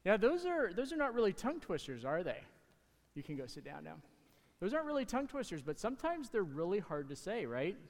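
A man talking to the kids in church, giving a casual, halting object lesson from the stage. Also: high voice, big pitch swings. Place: church sanctuary. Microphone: handheld or stage mic. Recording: hall reverb in a sanctuary.

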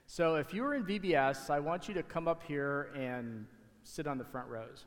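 A man talking to the kids in church, giving a casual, halting object lesson from the stage. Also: on the high side, lively intonation. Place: church sanctuary. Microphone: handheld or stage mic. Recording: hall reverb in a sanctuary.

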